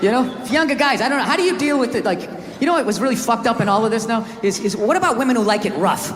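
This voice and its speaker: A man doing a stand-up comedy set, ranting loudly and profanely, often shouting, on a large outdoor amphitheater stage with a handheld mic. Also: very high-pitched, fast talker, noisy background. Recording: echoey live venue with roaring crowd. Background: audience laughing and cheering.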